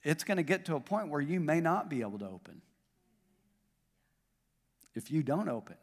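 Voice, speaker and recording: A man's voice: fairly high pitch, very animated, normal speed. A man pastor with a Southern US accent, preaching a sermon to his congregation, building up in intensity and then joking with the crowd. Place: church auditorium. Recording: long hall reverb.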